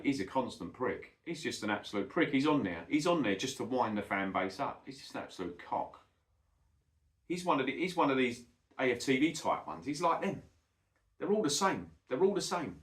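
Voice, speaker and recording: A middle-aged man, ranting bluntly and swearing a lot in a casual monologue, calling the listener "mate". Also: medium pitch. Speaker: football vlogger. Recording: echoey room.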